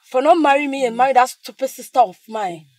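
An actress playing a jealous younger sister who taunts and insults. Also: female voice, on the high side, a little slow, roomy sound, natural voice, poor audio. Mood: scheming.

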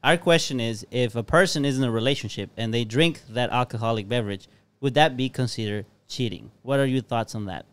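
A man co-hosting a podcast in casual chat, talking quickly and often restarting his sentences. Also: mid-range voice, clean tone, dry recording. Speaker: podcast co-host.

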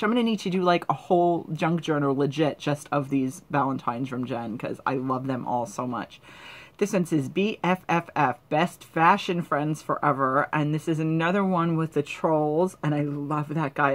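A young woman vlogger chatting excitedly as she opens gifts, gushing and gasping often. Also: sits low, normal speed. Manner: gushing, gasps and squeals often. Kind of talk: excited unboxing chat.

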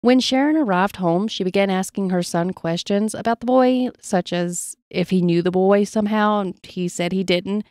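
A woman's voice: mid-range voice, normal speed, hardly any pauses, darkish tone, dry recording, clean studio sound. A woman podcast co-host reading paranormal stories from her notes in a casual chat, laughing easily and playing along with jokes.

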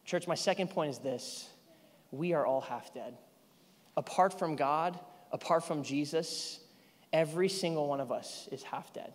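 A man in his thirties, a pastor preaching a sermon, telling a story with lively energy, sometimes yelling and laughing. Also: fairly high pitch, unhurried. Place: large church hall. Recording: church hall reverb.

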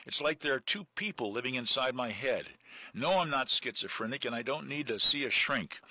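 A man's voice: mid-range voice, sharp tone, no room sound. A man reading aloud as a desperate, frightened young man, tense and earnest. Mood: fearful.

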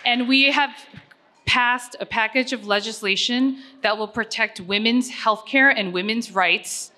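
A woman's voice: on the high side, measured pace, pushed and bright, slight background noise. A middle-aged woman giving a personal acceptance speech at a gala, talking earnestly and conversationally with frequent fillers.

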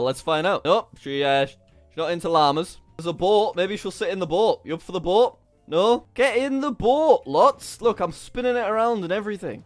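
Excitable man with a lively high voice. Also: dry recording. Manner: excitable, laughs often. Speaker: YouTuber host. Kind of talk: gaming commentary.

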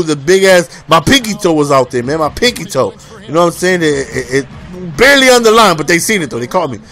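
High-voiced, joking game commentator man. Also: fairly bright tone. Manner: playful, boastful, joking; repeats phrases, frequent "you know what I'm saying". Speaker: gameplay commentator. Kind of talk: casual video game commentary.

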